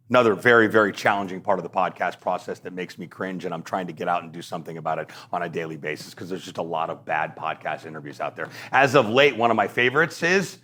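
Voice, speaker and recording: A man hosting his own podcast, giving blunt, energetic, joking advice and acting out little exchanges as he goes. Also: low-pitched. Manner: blunt, energetic, jokey, acts out quoted exchanges. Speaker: podcast host and coach. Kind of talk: solo podcast teaching.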